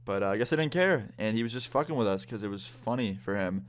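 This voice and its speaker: A young man telling a story in a casual vlog. He talks quickly in a low voice and swears freely. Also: expressive. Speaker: vlogger.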